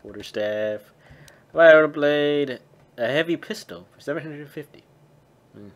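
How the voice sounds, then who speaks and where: A man's voice: fairly high pitch, unhurried. A man streaming a game live, casually muttering and swearing as he plays. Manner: casual, profane, muttering to himself. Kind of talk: live gameplay commentary.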